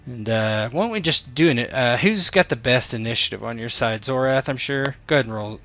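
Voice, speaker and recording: A man's voice: mid-range voice, brisk, bright, forceful tone, faint music behind. A man narrating as game master of a tabletop role-playing game, in a loose, rambling way, often correcting himself.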